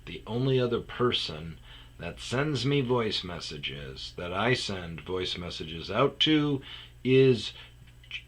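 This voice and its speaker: A man's voice: on the low side, sharp tone, slight background noise. A man hosting a podcast, telling a rambling, self-mocking story in casual chat, full of fillers and restarts. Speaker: podcast host.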